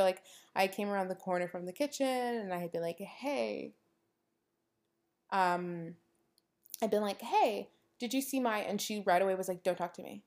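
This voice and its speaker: Young woman on her podcast, chatty, lots of "like", acts out the dialogue in her stories. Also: mid-range voice. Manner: animated storytelling, acts out quoted dialogue; frequent "like" fillers. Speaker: podcast host. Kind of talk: casual monologue.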